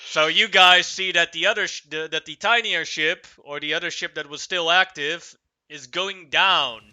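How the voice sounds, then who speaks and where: A man narrating and ruling as game master of a tabletop game, in a relaxed, matter-of-fact way. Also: a little high, normal speed, lo-fi sound.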